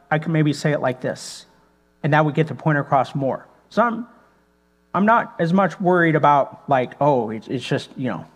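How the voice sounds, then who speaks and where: Male pastor, slightly higher voice, relaxed teaching talk full of rhetorical questions, long hall reverb with mains hum. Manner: thinks aloud, rhetorical questions, frequent fillers.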